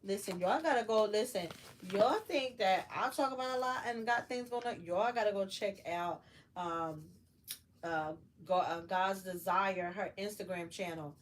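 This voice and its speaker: A middle-aged woman chats on a late-night livestream, greeting viewers by name in an easy, talkative way. Her voice sits at an average pitch. A faint room hum stays underneath. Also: unhurried. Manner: chatty, warm toward viewers, loud laughing bursts. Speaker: livestream host. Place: home while crafting.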